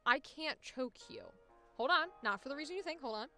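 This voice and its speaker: Excitable bright-voiced woman streamer. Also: high-pitched, a little fast, faint music behind. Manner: excitable, laughing, swears freely. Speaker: voice actor streaming with chat. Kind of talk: casual livestream chat.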